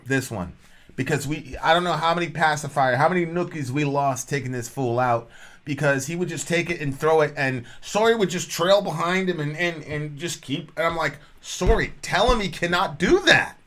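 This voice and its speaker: A man's voice: a little high, moderate pace, fairly bright tone. A man co-hosting a podcast, telling family stories in casual banter and teasing his partner in an argumentative way. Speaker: podcast co-host.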